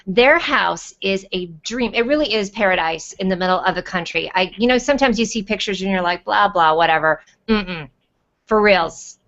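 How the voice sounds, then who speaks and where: A woman hosting a casual live video chat, bubbly and teasing, calling viewers in with quick asides. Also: medium pitch, fairly bright tone. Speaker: host. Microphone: video call. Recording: dull lo-fi video call audio.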